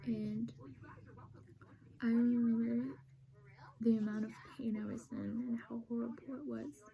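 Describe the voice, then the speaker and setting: A young woman telling a painful personal story in a soft, halting voice, sad and emotional, often sliding into a whisper. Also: fairly high pitch, level tone, vocal fry, muffled recording.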